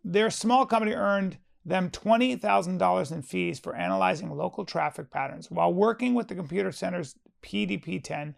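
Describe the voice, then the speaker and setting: A man speaks with a high voice that has a gravelly edge. He argues casually and with exasperation on a podcast. He reads search results aloud in a slow, deliberate way. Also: expressive. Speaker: podcast co-host. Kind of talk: casual argumentative chat.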